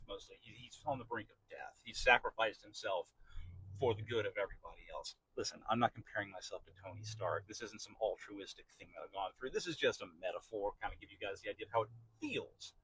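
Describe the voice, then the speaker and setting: A man's voice: mid-range voice, fairly bright tone, slightly rough, dry recording, poor audio. A middle-aged man hosting a podcast, talking through a candid personal monologue in a rambling, repetitive way with frequent swearing. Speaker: podcast host.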